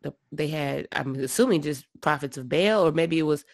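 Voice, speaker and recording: A podcast co-host in a casual Bible discussion chat, this woman speaks with a low-pitched voice at a moderate pace, recorded dry with no echo. She's an animated, slangy storyteller who acts out quotes while discussing scripture.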